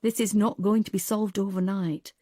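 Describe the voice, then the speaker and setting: A weary woman detective speaks earnestly with a wry, tired edge, as a woman narrator voices her. The voice is warm and mellow, recorded close and dry. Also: medium pitch, steady tone, moderate pace, no room sound, lightly acted. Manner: earnest, wry and a little tearful.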